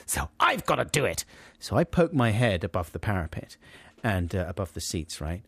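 Animated man telling a comic story. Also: low-pitched, normal speed, gravelly, slightly rough, no echo. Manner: animated, acts out characters. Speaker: podcast co-host telling a story.

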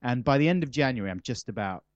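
A man's voice: medium pitch, lively intonation, fast, no room sound. A man, a comedian being interviewed, chatting casually in a rambling, self-mocking, wry way. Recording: slightly muffled dry recording.

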